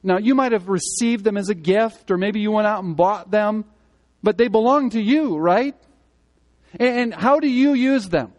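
A man giving a sermon as pastor, speaking conversationally and swinging between loud emphatic moments and quiet earnest ones. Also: high-pitched, normal speed, highs cut off. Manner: conversational preaching, rising and falling in emphasis.

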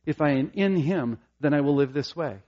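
A middle-aged man preaching a sermon, earnest and emphatic, rising to passionate peaks and dropping to soft, intimate asides. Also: a little high, animated, moderate pace, highs cut off. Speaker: pastor.

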